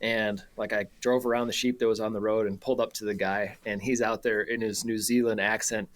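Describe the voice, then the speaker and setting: A man's voice: medium pitch, normal speed, a bit bright. A man guest on a radio show, telling a story casually with many fillers and frequent laughs.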